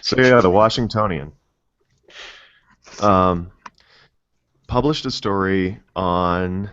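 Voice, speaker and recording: A low-voiced man on a tech podcast chats casually, full of joking, teasing banter with his co-hosts. The recording has a dull, lo-fi quality. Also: slow, long pauses, fairly bright tone. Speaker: podcast co-host. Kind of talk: casual chat.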